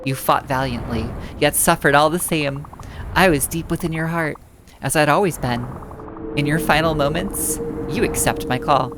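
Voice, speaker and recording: Woman doing a grave, deep-toned death figure for a game read-through; measured and hushed. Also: slight background noise, natural voice, poor audio. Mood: tender. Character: solemn voice of death, ageless and calm.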